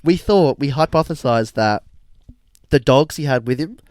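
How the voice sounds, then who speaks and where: A young man hosts a casual podcast, spinning a story with lots of slang and laughter. His voice sits at a middle pitch. The sound is close and dry. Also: no room sound. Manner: animated, slangy, quick to laugh. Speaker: podcast host.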